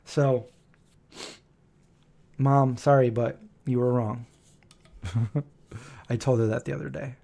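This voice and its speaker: A man's voice: medium pitch, steady tone, slow, gravelly, pauses often, warm tone. A man in his forties hosting a live stream, telling rambling family stories and acting out the dialogue. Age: 40s. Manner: anecdotal, acts out quoted dialogue.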